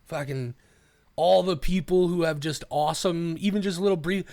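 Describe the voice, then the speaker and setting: A man's voice: fairly high pitch, moderate pace, vocal fry, a little mellow, dry recording, clean studio sound. Emotional, swearing male podcast host. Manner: emotional, profane, rambling with restarts. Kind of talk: casual podcast chat.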